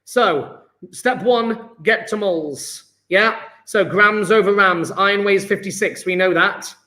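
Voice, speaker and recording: Upbeat, high-voiced male chemistry teacher. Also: a little slow, sharp tone. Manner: upbeat, chatty, praising students as he works sums aloud. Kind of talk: live online exam-prep lesson.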